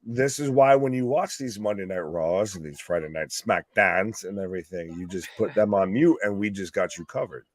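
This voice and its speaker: A man's voice: sits low, moderate pace, hardly any pauses, no room sound, studio quality. A man co-hosting a casual live stream, joking, swearing and laughing often. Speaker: live show co-host.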